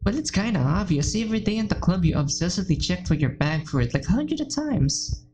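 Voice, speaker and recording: A woman's voice: lowish voice, very animated, brisk, a little mellow, slight background noise. A woman voicing a blunt, fiery, protective small teenage girl in a visual novel game. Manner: brash, protective.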